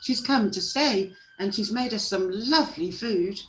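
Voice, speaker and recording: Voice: medium pitch, unhurried, echoey room, a little hiss or hum, pitched above the performer's own voice, natural voice, poor audio. A reader voicing an always-hungry little male dwarf who mumbles. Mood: mumbling.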